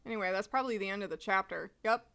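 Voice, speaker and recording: A woman streamer reading a manga aloud, chatty and animated, swearing freely. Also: medium pitch, very fast. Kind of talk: casual live-stream commentary.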